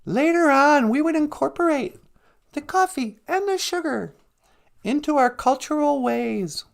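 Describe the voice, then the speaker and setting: A man's voice: very high voice, expressive, measured pace, vocal fry. A man hosting a livestream, retelling a film as a casual, jokey, rambling story with many self-corrections. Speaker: livestream host.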